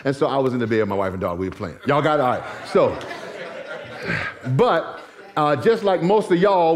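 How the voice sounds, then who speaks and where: Animated man preaching a sermon. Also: medium pitch. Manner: storytelling with folksy asides to the congregation. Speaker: pastor. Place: church sanctuary.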